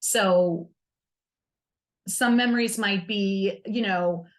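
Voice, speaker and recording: A woman's voice: medium pitch, slow pace. A woman hosting a self-help podcast, talking candidly and with humor, using playful slang. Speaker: podcast host.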